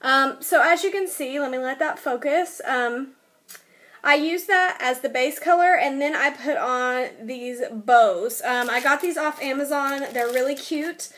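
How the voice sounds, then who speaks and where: A woman's voice: high-pitched, unhurried, fairly bright tone. A young woman talking casually through a nail design at home, chatty and full of ums, a little tired. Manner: chatty, filler-heavy with frequent ums. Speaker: beauty vlogger. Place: home, new place with boxes.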